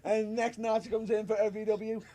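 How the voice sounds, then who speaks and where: A man's voice: sits high, little pitch movement, normal speed, crowd noise. A man co-hosting a wrestling podcast, laughing often and repeating himself as he talks. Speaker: podcast co-host. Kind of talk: casual wrestling chat.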